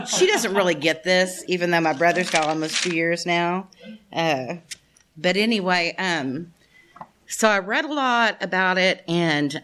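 Her voice fairly low but fairly bright in tone, a middle-aged woman speaks as a guest at a recovery meeting. In a meeting room, she offers the audience a heartfelt personal share, chatty and self-deprecating, addressing them as "y'all."

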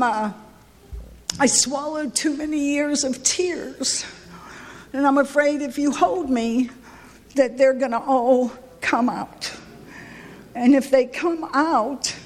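A woman with a high voice tells her recovery story at a meeting, candid and emotional. Her pitch and pace swing widely as she talks. The sound carries a long reverb from a large hall. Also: darkish tone. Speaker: recovery speaker. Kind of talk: personal recovery share at a meeting.

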